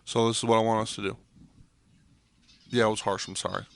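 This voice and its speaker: A man's voice: on the low side, level tone, fairly quick, gravelly. A young man hosting a podcast, delivering an intense monologue that swears freely and hammers points home by repeating them. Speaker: podcast host.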